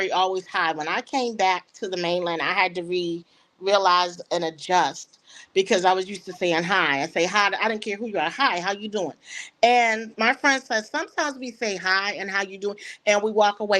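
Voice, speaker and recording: A woman's voice: medium pitch, moderate pace, a bit bright. A woman guest in a casual talk show conversation, telling everyday stories and quoting what people say.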